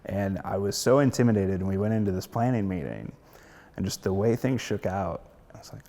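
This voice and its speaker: A man's voice: low voice, lively intonation, fairly quick, dark tone, big-room sound. A man, a foundation fellow, telling a self-deprecating story with frequent laughs in a casual roundtable.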